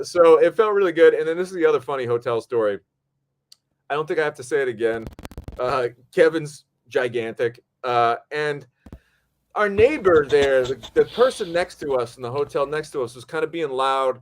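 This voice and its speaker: Podcast host guy telling a wild story, loose and animated, swears a lot, mid pitch voice. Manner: animated, acts out quotes, swears freely. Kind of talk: casual storytelling.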